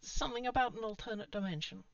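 A woman's voice: medium pitch, fast talker, vocal fry, clean tone, no room sound, far from the mic, voice pushed up, close to an everyday voice. Hostile guarded teen girl, growly, a woman reads her, dull lo-fi, away from the mic. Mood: suspicious. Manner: suspicious, growling. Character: suspicious armed teenage girl, hostile and guarded.

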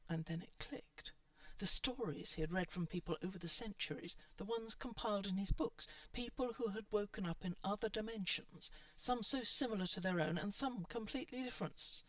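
A woman narrating a story in an expressive reading voice. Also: fairly low pitch, moderate pace, dry recording, distant mic. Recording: dull lo-fi sound from off mic.

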